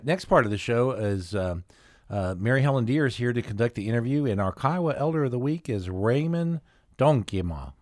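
A man hosts a local radio talk show in an easygoing, friendly voice. He sits at a dry, close studio microphone with a mid-range pitch. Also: no echo. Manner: relaxed, friendly, reads sponsors.

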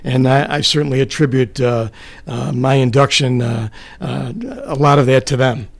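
A man's voice: medium pitch, fairly even intonation, moderate pace, creaky. An older man, co-hosting and speaking modestly with many fillers. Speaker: co-host. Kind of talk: reminiscing talk show chat.

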